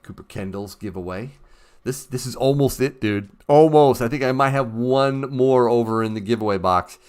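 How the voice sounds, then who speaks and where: A man's voice: medium pitch, normal speed, a little mellow, clear, resonant tone. A man hosting a casual livestream, chatting with viewers in an upbeat, easygoing way. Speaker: livestream host.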